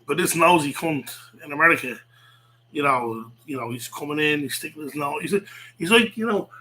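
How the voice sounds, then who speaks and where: A man's voice: fairly high pitch, animated, a little fast, bright, forceful tone, low-quality recording. A man ranting in a rambling way, swearing a lot, with many fillers and restarts. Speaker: vlogger. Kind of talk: rambling rant to camera.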